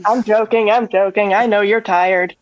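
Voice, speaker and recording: A woman playing a character in a tabletop game, joking loudly. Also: mid-range voice, fairly even intonation, normal speed, rough recording. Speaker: player.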